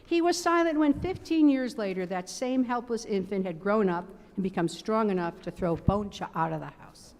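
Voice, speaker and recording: A woman giving a measured, expressive dramatic reading of a story, stressing its repetitions, in a large synagogue sanctuary. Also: medium pitch. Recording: long reverb of a large sanctuary.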